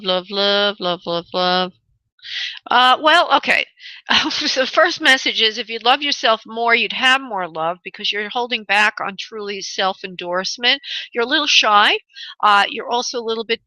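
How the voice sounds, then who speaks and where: Bright, chatty woman radio host. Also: a little high, normal speed, no room sound, poor audio. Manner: chatty, affectionate, laughs often. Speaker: radio show host and spirit medium. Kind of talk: call-in radio readings.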